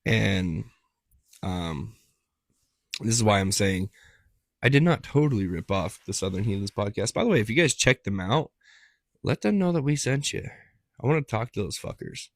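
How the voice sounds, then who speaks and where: A man's voice: on the low side, lively intonation, normal speed, long pauses, no room sound, studio quality. A man co-hosting a casual podcast, joking around, swearing freely and slipping into silly voices. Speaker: podcast co-host. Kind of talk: casual chat.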